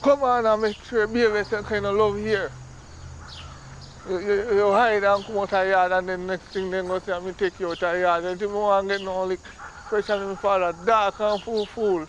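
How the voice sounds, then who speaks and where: A man's voice: sits high, level tone, moderate pace, slight background noise, close to an everyday voice. A man playing a playful, bragging young Jamaican boy.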